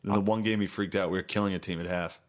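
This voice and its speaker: A lower-pitched man on a casual comedy podcast. He tells rambling anecdotes, laughs often and suddenly belts out other people's lines at full volume. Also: steady tone, rapid-fire. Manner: storytelling, laughs easily, loud bursts when acting out people. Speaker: podcast co-host.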